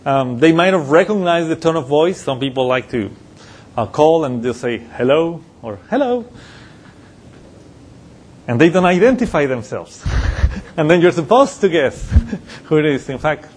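A man's voice: a little high, a little mellow, breathy edge. A man preaching a conversational Bible-teaching sermon, often restarting phrases and chuckling as he explains. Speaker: pastor.

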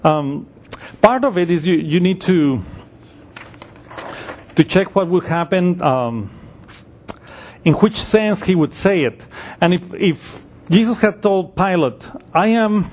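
Man preaching a sermon, fairly high voice. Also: lively intonation, takes it slowly, pauses often, a little mellow, slight background noise. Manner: explanatory, thinking aloud with fillers and restarts.

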